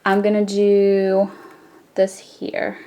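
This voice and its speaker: A woman hosting a jewelry-making tutorial, explaining each step in a relaxed, chatty way with frequent fillers. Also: medium pitch, drawn-out words. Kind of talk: casual step-by-step craft tutorial.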